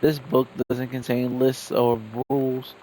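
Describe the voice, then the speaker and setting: A man's voice: mid-range voice, monotone, unhurried, mellow, a little hiss or hum, low-quality recording. A man streaming a game live, reading in-game letters and notes aloud and reacting offhandedly between them. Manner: reads documents aloud, then reacts offhandedly.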